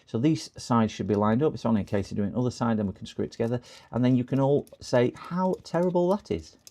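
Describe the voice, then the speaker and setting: A man's voice: mid-range voice, lively intonation, fast, warm tone. Chatty man narrating a repair stream. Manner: chatty, joking, self-deprecating, talks to viewers. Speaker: laptop repair technician streaming live. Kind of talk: livestream repair commentary.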